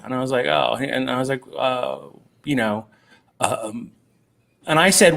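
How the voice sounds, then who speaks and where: A man's voice: medium pitch, unhurried, vocal fry, a bit bright. A man telling convention stories in a casual chat, self-deprecating, with many fillers and acted-out quotes. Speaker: guest comic artist.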